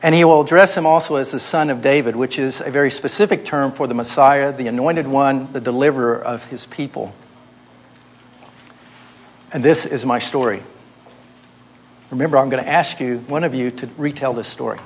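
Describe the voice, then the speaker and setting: A man's voice: medium pitch, moderate pace, slight background noise, low-quality recording. A man teaching a seminary class how to tell a story aloud, explaining and then telling it himself on a wired mic. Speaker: teacher of oral Bible storytelling. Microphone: wired microphone.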